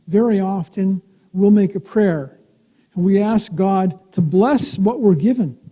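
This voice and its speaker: Gentle, dark-voiced minister in a reverberant church. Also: mid-range voice, breathy edge. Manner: gentle, playful, talks simply to children. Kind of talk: children's time communion talk. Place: church sanctuary.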